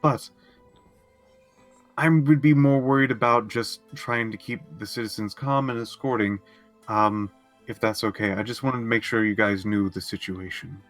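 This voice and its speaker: A man's voice: fairly low pitch, steady tone, normal speed, soft background music. A man playing a tabletop game, chatting casually in a giggly, tentative way. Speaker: player.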